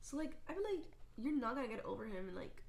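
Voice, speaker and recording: A woman's voice: a little high, big pitch swings, fast talker, a little mellow. A young woman co-hosting a casual chat show, a supportive listener who swears casually and uses lots of "like". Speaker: podcast co-host.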